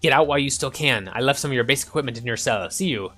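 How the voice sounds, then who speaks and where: A man voicing a secretive male guard in an odd put-on accent, speaking in a hushed way. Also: mid-range voice, very fast, soft background music. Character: mysterious male guard whispering help.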